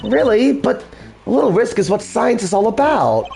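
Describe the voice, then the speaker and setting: A man voicing an excitable young woman who loves science, eager and chirpy, in a fan dub of a video game. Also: high voice, normal speed, vocal fry, soft background music, voice pushed up, heavily acted.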